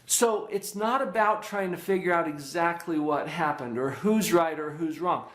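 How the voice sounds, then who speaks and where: A man's voice: a little high, moderate pace, a bit bright. A middle-aged man giving a parenting workshop lecture, earnest and teacherly, often checking that his listeners follow. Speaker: workshop presenter, psychologist. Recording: echoey room.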